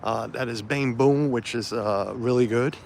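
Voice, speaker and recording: The speaker is a male livestream vlogger holding his phone camera while walking an outdoor festival site, chatting casually and rambling full of fillers. He has a mid-range, darkish voice with vocal fry, an unhurried pace, and slight background noise.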